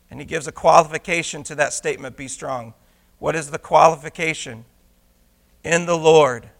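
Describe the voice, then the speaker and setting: Male pastor, high bright voice, emphatic preacher who drops to hushed asides. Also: moderate pace, vocal fry. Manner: rhetorical questions to the congregation. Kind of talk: sermon.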